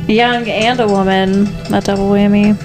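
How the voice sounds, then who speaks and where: A young woman co-hosting a podcast, gushing through quick asides while reacting live to a movie. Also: mid-range voice, fairly even intonation, music in the background. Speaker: podcast co-host.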